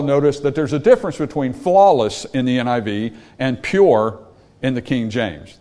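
A man's voice: medium pitch, a little mellow. A man preaching a sermon from slides, emphatic, repeating words and putting questions to the congregation.

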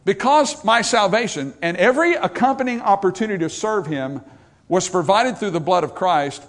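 Reading scripture in archaic language, a man delivers an emphatic sermon that climbs to loud, raised passages and falls to hushed asides. He has a high, animated voice and speaks at normal speed.

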